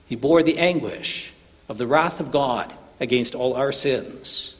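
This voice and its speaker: Earnest preacher in a reverberant hall. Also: male voice, mid-range voice, a little slow. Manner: earnest, addresses listeners as brothers and sisters. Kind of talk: sermon.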